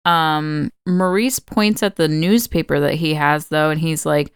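A woman's voice: sits low, steady tone, unhurried, few pauses, clean tone, dry recording, studio quality. A woman co-hosting a podcast, casually recapping a film from her notes, chatty, laughing often and swearing freely. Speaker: podcast co-host. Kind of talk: casual movie recap chat.

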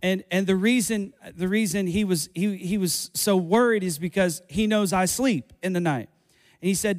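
A man's voice: high-pitched, normal speed. A man preaching a sermon as pastor, repeating phrases and restarting lines as he builds to fervent emphasis. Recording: long hall reverb.

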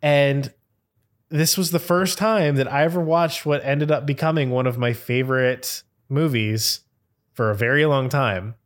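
A male podcast co-host telling a rambling personal story in casual chat. His speech is loose and full of "like" fillers, and he keeps breaking into giggles. His voice sits at an ordinary middle pitch. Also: normal speed.

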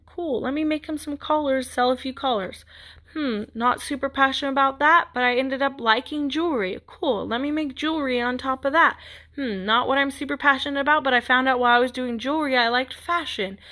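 A woman's voice: a little high, sharp tone. A young woman hosting a podcast, talking in a candid, rambling, encouraging way with many "like" fillers. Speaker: podcast host. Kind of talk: casual motivational monologue.

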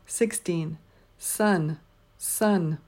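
A woman teacher reading out a spelling word list, saying each word twice in a slow, deliberate way. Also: on the low side, darkish tone.

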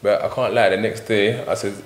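A man's voice: on the low side, fairly even intonation, slight background noise. A man telling prison stories in a casual podcast chat, acting out other people's lines as he goes. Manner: fast storytelling, acts out quoted voices, laughs while telling. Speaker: podcast guest.

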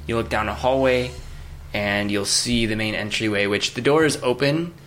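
A man narrating as game master for a tabletop game, describing scenes and answering players' questions in a steady way. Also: fairly low pitch, normal speed.

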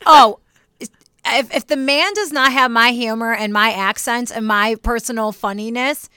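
Bright, animated young woman co-host. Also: on the high side, moderate pace, clear, resonant tone, dry recording, clean studio sound. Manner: animated storytelling with laughter; faith-based encouragement to listeners. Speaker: podcast co-host. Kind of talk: casual chat.

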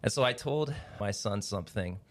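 Low-voiced pastor telling stories. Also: male voice, moderate pace. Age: middle-aged. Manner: warm storyteller, grows animated and laughing in anecdotes. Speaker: pastor and guest author. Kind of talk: casual podcast interview.

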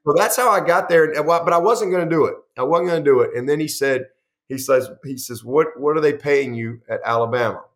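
This middle-aged man, a head football coach, is brisk and a little high-voiced as he tells long, animated stories in a conversational interview. Along the way he restarts sentences and acts out quoted exchanges.

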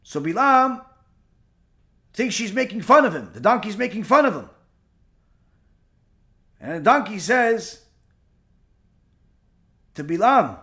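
Emphatic high-voiced man preaching. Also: big pitch swings, unhurried, long pauses, fairly bright tone. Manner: emphatic, rhetorical questions, mixes Hebrew terms. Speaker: rabbi giving a Torah class. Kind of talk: sermon.

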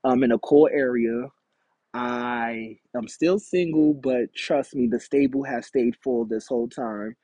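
A man's voice: medium pitch, dark tone, breathy edge, dry recording. A man hosting a solo podcast, talking in a rambling, frank, confessional way from an outdoor backyard. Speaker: podcast host. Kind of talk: candid solo podcast monologue.

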